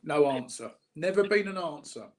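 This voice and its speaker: A man from South London with a Cockney accent, chatting casually, halting and repeating himself, blunt and sweary. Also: fairly high pitch, lively intonation, a little mellow. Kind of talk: casual chat.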